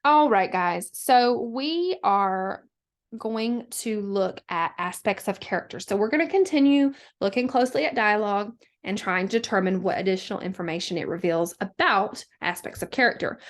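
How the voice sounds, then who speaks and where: In a recorded lesson, a woman teacher with a mid-range voice walks her students through the steps. Her delivery is steady and instructional, peppered with frequent fillers.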